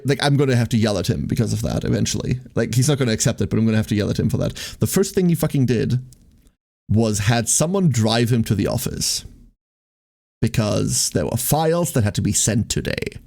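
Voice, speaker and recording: A man's voice: medium pitch, vocal fry, a little mellow. A young man livestreaming, venting casually to his viewers in a rambling way, with lots of "like" and swearing.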